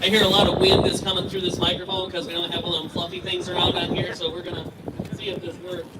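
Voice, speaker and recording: A man's voice: sits high, monotone, fast, very noisy. A middle-aged man emceeing an outdoor rally, telling joking stories and laughing at his own punchlines, heard through a stage PA from far off. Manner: storytelling, laughs at own jokes. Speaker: rally emcee and gun dealer. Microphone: stage microphone heard through PA from afar. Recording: echoey PA sound from far off.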